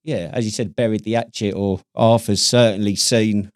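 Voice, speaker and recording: A man's voice: on the low side, steady tone, normal speed, darkish tone, clear, resonant tone, dry recording, clean studio sound. A man from Britain co-hosting a podcast at a friend's house, chatting casually, rambling and leaning on tag questions. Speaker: podcast co-host. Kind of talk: casual chat.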